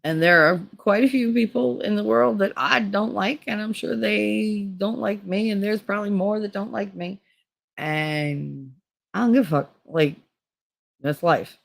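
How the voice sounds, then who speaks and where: A woman's voice: mid-range voice, measured pace, gravelly. A middle-aged woman talking candidly in a casual, rambling monologue, laughing often and swearing freely. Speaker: vlogger.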